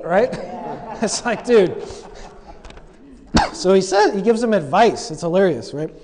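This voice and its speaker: A high-voiced man preaching, retelling a scripture scene with playful asides and little acted-out voices. His words ring with the long reverb of a big hall. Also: measured pace, pauses often. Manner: animated storytelling, acts out quoted lines with humor. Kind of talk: sermon.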